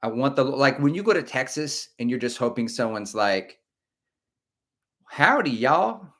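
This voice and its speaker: A man's voice: mid-range voice, a little fast. Chatty middle-aged man rambling on stream. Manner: rambling, chatty, reads out chat comments. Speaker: host of a running livestream. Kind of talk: casual livestream chat.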